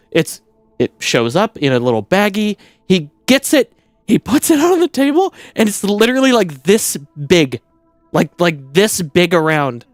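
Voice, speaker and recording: A man streaming, telling a casual story in an animated, incredulous rant and swearing a lot. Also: high voice, no echo.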